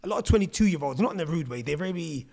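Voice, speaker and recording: A man's voice: a little high, animated, fast, gravelly, warm tone. A man hosting a podcast, asking loose questions in a laid-back way and often calling his guest "bro". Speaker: podcast host. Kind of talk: casual podcast interview.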